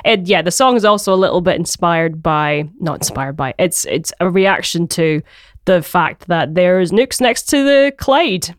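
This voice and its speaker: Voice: medium pitch, animated, measured pace, no room sound. Rambling Glaswegian songwriter, dry sound. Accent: Glaswegian Scottish. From Glasgow, Scotland. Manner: rambling, hesitant, with frequent ums and laughs. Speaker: songwriter guest. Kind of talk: casual podcast chat. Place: podcast recording.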